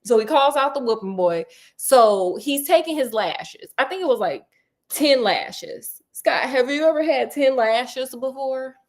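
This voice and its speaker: Chatty animated woman storyteller. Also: high voice, a little slow. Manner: chatty, animated, slangy, playful asides. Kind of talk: casual book retelling.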